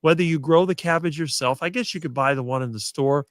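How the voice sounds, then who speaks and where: Middle-aged male guest, smooth talker with no ums, dry close mic. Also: fairly high pitch, dry recording. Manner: fluent and quick, few fillers. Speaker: guest on a diet talk show. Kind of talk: casual conversation on a live stream.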